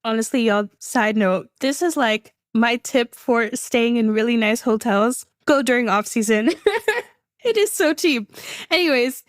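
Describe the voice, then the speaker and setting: A young woman hosting a podcast, telling a story in a chatty, animated way and laughing often. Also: a little high, measured pace, dry recording, studio quality. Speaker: podcast host. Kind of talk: casual storytelling monologue.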